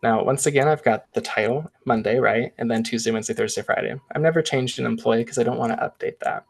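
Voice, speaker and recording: Man, live software demo, gravelly voice, casual step-by-step talk. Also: mid-range voice, fast talker. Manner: casual step-by-step walkthrough, chatty asides. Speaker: presenter.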